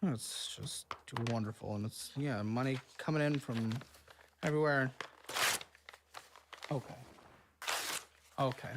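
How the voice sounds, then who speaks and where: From a studio, a male host harshly berates a female guest over her spending in a scornful, profane financial review. He speaks at medium pitch, slowly and with long pauses, over background noise.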